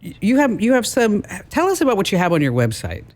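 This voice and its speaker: A woman's voice: big pitch swings, fast, a little mellow. A woman hosting a radio show, chatting casually and laughing easily with her guest. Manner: low, husky-leaning speaking voice, laughs easily.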